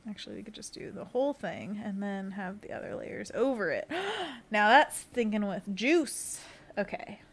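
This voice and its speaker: A woman illustrator streams a casual sketching session, chatting as she draws, reading chat messages aloud and adding little sound effects. Her voice sits at a medium pitch, lively and animated, at a moderate pace.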